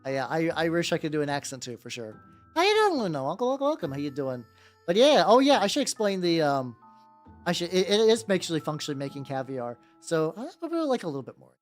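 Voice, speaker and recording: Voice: medium pitch, big pitch swings, fast. A streamer chatting casually with viewers while painting miniatures, rambling and swearing freely. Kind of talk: casual livestream chat. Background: faint background music.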